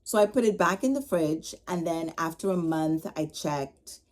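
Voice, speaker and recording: A middle-aged woman telling a casual story as a podcast host, animated, acting out the dialogue she quotes. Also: deep voice, moderate pace. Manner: animated, retells her upset with quoted dialogue.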